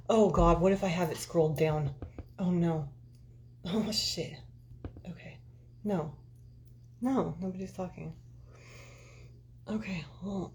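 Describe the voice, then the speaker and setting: Rambling, blunt woman livestreamer, lower voice. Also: darkish tone, slight background noise. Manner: rambling, candid and profane, talking straight to viewers. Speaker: livestream host chatting with viewers. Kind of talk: casual chat.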